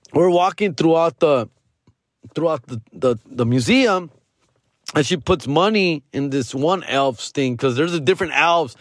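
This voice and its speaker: A man, hosting a podcast and telling a story in a casual, animated way, full of slang and swearing and dropping into Spanish. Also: medium pitch, dry recording, studio quality. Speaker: podcast host.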